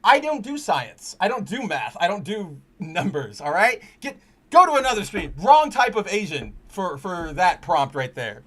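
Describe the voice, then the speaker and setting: This comic book stream host has a high, fairly bright voice and is very animated, though his speed stays normal. His talk wanders with frequent restarts and plenty of swearing, and he speaks openly and sincerely about personal matters.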